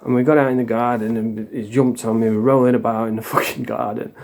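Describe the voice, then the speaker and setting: A man's voice: medium pitch, little pitch movement, fast talker, creaky, a little mellow. A middle-aged man from England telling his own story in a blunt, sweary, confessional way. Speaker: vlogger. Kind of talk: casual storytelling.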